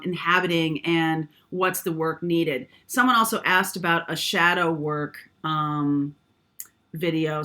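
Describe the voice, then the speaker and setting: Woman doing a tarot reading, kinda low voice but bright and forceful, lots of ums and okays. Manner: meandering, frequent "um" and tag "okay?". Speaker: tarot reader. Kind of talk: casual spiritual reading monologue.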